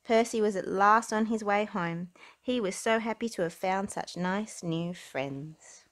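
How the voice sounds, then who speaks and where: A woman narrating a children's storybook aloud in an expressive, unhurried way. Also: medium pitch. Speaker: storybook reader.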